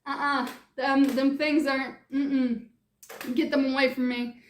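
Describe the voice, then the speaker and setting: Brief: woman playing an offhand, mumbling young boyfriend, fairly high voice, echoey room. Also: little pitch movement, measured pace. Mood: flat. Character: deadpan young man, boyfriend.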